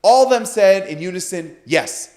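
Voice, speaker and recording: Animated man telling a story. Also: mid-range voice, fairly quick. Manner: animated storyteller, acts out quoted dialogue. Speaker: guest speaker. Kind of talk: podcast storytelling.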